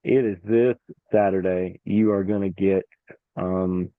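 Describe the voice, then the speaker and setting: A man hosting a combat sports show, retelling a fight in a casual, animated way and acting out what the referee said. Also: deep voice, unhurried, dry recording, narrow, tinny audio. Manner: animated storytelling, acts out the referee. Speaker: podcast host.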